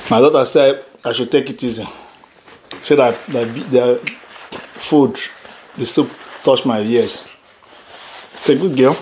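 A man's voice: mid-range voice, slow, pauses often, darkish tone, slight background noise. A man hosting a casual family eating video at home, teasing his daughter and laughing often while he eats. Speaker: father and channel host. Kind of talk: casual family mukbang chat.

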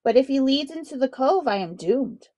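A woman's voice: a little high, dry recording, lightly acted. Woman reading as a clever young island boy. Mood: feigned fear. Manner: sly and quick-witted.

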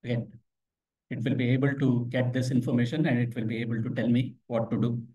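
A man presents a live tech demo at a meetup, his voice in the middle pitch range. He talks casually, tells stories and puts questions to the audience. The voice comes from some distance off the microphone in an office meeting room. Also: flat delivery, a little fast, mellow. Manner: conversational, tells anecdotes, asks the audience questions. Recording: voice from far off the mic.

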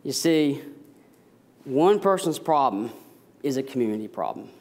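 Animated male pastor preaching. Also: medium pitch, measured pace. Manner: storytelling, animated, self-deprecating jokes. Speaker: associate pastor. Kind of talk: sermon.

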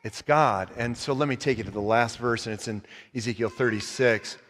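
A male pastor preaching a sermon, animated and joking, swinging from quiet asides to loud emphatic points. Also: mid-range voice, moderate pace, in a large hall. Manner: joking, laughs at own stories. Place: church sanctuary.

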